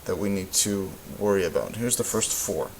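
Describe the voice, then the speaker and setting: A man teaching a recorded Spanish grammar lesson, explaining in a relaxed way with lots of ums and uhs. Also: deep voice, normal speed, creaky, low-quality recording. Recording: faint hiss.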